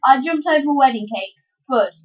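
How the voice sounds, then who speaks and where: Excitable high-voiced woman, lo-fi recording. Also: fairly quick. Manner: excitable, yelps and giggly outbursts. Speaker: gameplay commentator. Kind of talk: let's-play commentary.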